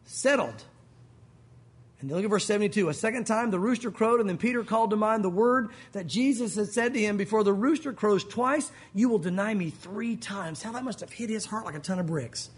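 A man from Tennessee with a light Southern accent, preaching a sermon as pastor, talking fast and acting out little scenes as he tells stories. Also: sits high, slightly rough. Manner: fast-talking, animated storytelling with acted asides.

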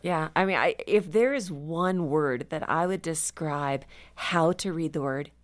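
A woman author joins a faith talk show as a guest, her voice sitting slightly low. She talks earnestly and grows animated as she tells stories. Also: unhurried. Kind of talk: casual radio conversation.

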